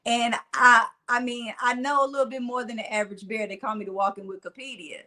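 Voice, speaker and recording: A middle-aged woman with a Mississippi accent and a country twang, a motivational speaker chatting as a guest, animated and laughing often. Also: on the high side, fairly quick. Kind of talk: casual storytelling interview.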